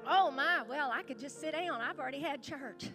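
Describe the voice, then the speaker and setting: A woman's voice: sits high, a little fast, over music. A woman pastor, chatty and calling out to the congregation as she welcomes visitors at a church service. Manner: chatty, warm-hearted, calls out to the crowd.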